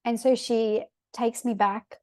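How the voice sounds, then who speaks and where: A woman's voice: on the high side, flat delivery, slow pace, darkish tone, dry recording. A young woman hosting a podcast, telling a personal story casually with lots of "like" fillers and moments of emotion. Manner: chatty, frequent "like" fillers, emotional. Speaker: podcast host.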